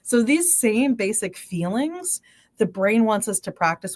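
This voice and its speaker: A woman scientist, a guest on a livestream, explaining sleep and dreams with lively examples. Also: a little high. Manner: animated, explains with quick examples. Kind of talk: livestream interview.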